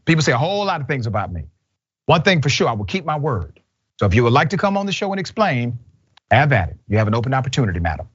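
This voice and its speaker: A man's voice: fairly high pitch, a bit bright, lo-fi sound. A man hosting a talk show, reading out quotes and speaking directly and emphatically to the person involved. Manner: direct, emphatic, addresses people head-on. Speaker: host.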